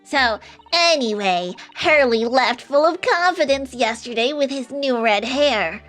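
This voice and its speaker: A woman's voice: sits high, expressive, measured pace, a bit bright, faint music behind. A woman voicing a sweet, fretful young girl assistant in a game.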